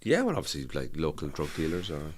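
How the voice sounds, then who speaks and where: A man with a Cork Irish accent, a comedian guest on a podcast, trading quick, crude banter in casual chat. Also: rumbling low, huge pitch swings, a little hiss or hum. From Cork, Ireland.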